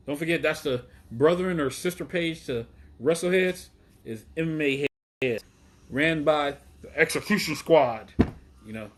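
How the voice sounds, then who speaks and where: Chicago guy ranting on a live stream outside, kinda high voice, cussing a lot and getting all hyped. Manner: profane, excitable, rambling. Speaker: wrestling show host. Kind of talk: casual live-stream rant. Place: outdoors in the heat.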